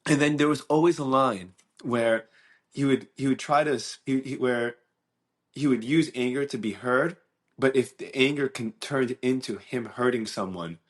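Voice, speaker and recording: A man's voice: mid-range voice, normal speed. A man hosting a solo podcast, talking earnestly and reflectively, searching for words with many restarts and fillers. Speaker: podcast host. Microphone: mic and camera.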